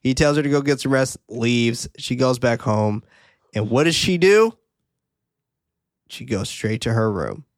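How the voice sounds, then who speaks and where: Podcast host, male, lively swearing recap, very expressive pitch, dry close mic. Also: a little slow, pauses often, dry recording. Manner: animated, profane, laughing often. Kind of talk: casual film recap.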